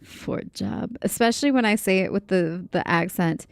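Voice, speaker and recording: Giggly woman streamer with a gravelly voice. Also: medium pitch, moderate pace, hardly any pauses, dry recording. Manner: giggly, chatty, reacting to chat. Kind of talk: casual livestream chat while gaming.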